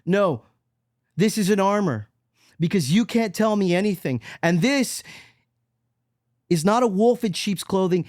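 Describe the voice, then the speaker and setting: A man hosting a solo podcast monologue, preachy and emphatic, swinging between loud mockery and low, quiet intensity. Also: no echo, studio quality. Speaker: podcast host.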